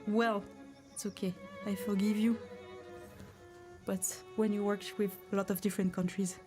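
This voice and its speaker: A woman's voice: medium pitch, level tone, normal speed, dark tone. Hesitant French-accented woman chatting over violin. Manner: hesitant, thinking aloud, answers chat comments. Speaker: craft streamer. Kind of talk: casual live-stream chat while beading. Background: violin music.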